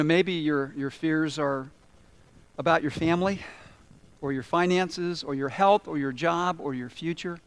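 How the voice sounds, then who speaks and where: A man preaching a sermon, telling humorous stories and asking the congregation questions. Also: on the high side. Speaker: pastor.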